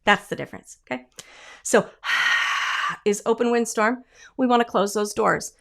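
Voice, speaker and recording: Animated woman vocal coach. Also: moderate pace, long pauses. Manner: animated, demonstrates sounds and sung notes; acts out imagined voices with leaps in pitch. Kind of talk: online singing lesson.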